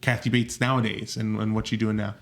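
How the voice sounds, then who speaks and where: A man's voice: on the low side, flat delivery, brisk, creaky. A man hosting a podcast, earnestly steering the conversation and wrapping up topics. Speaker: podcast host. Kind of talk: casual chat.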